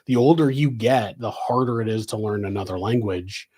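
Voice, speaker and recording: A man's voice: fairly low pitch, normal speed, darkish tone, slightly rough. A middle-aged man hosting a live question-and-answer stream, talking in a loose, meandering way with many restarts. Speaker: host answering viewer questions. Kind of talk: rambling live Q&A chat. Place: home office.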